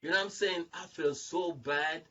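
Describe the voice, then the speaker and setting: A man hosting a casual group talk, telling stories in an animated, rambling way, repeating words and acting out other people's lines. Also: fairly high pitch, moderate pace, recorded from a distance, highs cut off. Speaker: show host. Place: online video chat.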